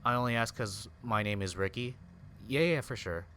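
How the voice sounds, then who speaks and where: A man's voice: mid-range voice, normal speed, noisy background. A young adult man streaming a game, chatting casually with viewers in a rambling, slangy way. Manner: rambling, slangy, peppered with "dude" and "like". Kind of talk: casual gameplay chat.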